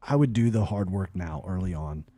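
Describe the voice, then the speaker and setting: A man's voice: low-pitched, expressive, moderate pace, dark tone, no room sound. A man co-hosting a faith podcast, telling a family story in an earnest, conversational way with many fillers and restarts. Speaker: podcast co-host.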